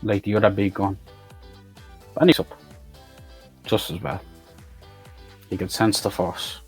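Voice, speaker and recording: Husky man, sweary film recap. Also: low voice, steady tone, unhurried, faint music behind. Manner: rambling, sweary, sarcastic asides. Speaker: film reviewer. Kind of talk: profane comedic movie recap.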